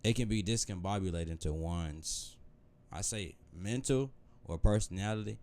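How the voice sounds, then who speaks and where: A man's voice: low voice, moderate pace, darkish tone. A young man talking casually and at length in a meandering, conversational monologue. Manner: meandering, loose and conversational, with many restarts. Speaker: vlogger.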